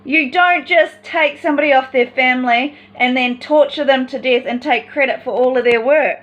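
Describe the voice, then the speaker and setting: High-voiced woman, agitated and rambling. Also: normal speed, highs cut off. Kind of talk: personal vlog monologue.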